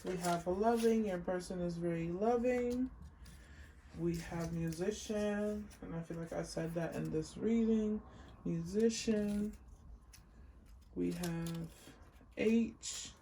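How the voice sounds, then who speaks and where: A woman giving a casual pick-a-card tarot reading, chatty and unhurried as she lists card words one by one. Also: lowish voice, dark tone, a little hiss or hum. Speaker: tarot reader.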